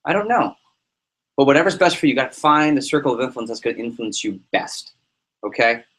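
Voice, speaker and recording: A man leading a sales team meeting, giving an energetic motivational talk full of anecdotes and repetition. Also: medium pitch, brisk. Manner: energetic, repeats himself, tells anecdotes. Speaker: team leader running a sales prep meeting.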